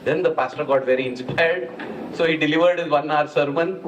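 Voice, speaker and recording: A man's voice: a little high, a little fast, a little hiss or hum, rough recording. A man with an Indian English accent telling stories at a spiritual retreat and acting out each person's lines. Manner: animated, acts out dialogue in anecdotes. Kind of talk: storytelling talk. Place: hall at a retreat.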